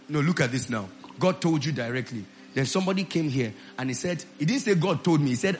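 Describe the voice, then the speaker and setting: A male pastor preaching a sermon to his church, rising into loud shouted declarations of prayer. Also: a little high, expressive, fairly quick.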